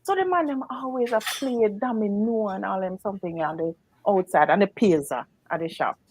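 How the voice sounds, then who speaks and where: A middle-aged Jamaican woman telling a lively story in casual patois, laughing often and acting out the voices of the people in it. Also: medium pitch, brisk, slightly rough, dry recording, poor audio. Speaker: guest storyteller.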